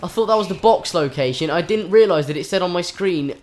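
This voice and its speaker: A man's voice: a little high, lively intonation, normal speed, few pauses, a little mellow. A man commentating his own game live, swearing often, with frustrated outbursts and panicked yelps. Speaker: gaming channel host.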